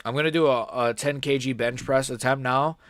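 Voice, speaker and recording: Young male streamer, rambling frustrated fight reactions, dry close mic, mid pitch. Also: fairly even intonation, fairly quick, fairly bright tone, no room sound. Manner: frustrated, profane, rambling with many fillers. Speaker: livestreamer watching a fight. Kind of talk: casual live-stream reaction commentary.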